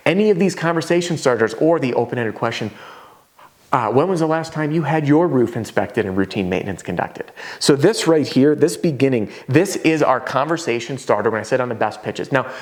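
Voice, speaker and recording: At a whiteboard, an energetic man teaches an informal roofing sales lesson in a mid-pitched voice. He keeps it chatty and conversational, full of quick asides, and occasionally slips into a homeowner's voice to act out a scene.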